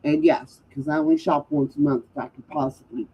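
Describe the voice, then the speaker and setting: A woman's voice: high-pitched, very animated, brisk, vocal fry, breathy edge. A woman chatting casually, rambling and restarting her sentences. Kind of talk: casual chat. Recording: slightly dull stream audio.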